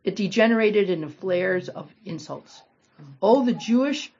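A woman leading a small-group Bible study, reading scripture aloud and commenting with animated, dramatic emphasis. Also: mid-range voice, measured pace, husky. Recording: dull lo-fi recording.

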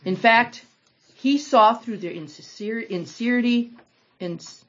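A woman leading a small-group Bible study, reading scripture aloud and commenting with animated, dramatic emphasis. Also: fairly high pitch, measured pace. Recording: dull lo-fi recording.

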